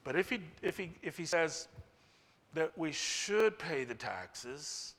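A man preaching a sermon, animated and acting out the voices of the people in the story. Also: a little high, slow pace. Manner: animated, acts out quoted voices. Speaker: pastor. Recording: long hall reverb.

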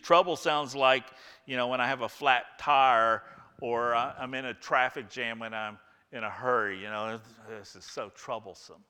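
A man preaching a sermon, emphatic and repeating key phrases, dropping to a hush and rising again. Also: a little high, big-room sound. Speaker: pastor.

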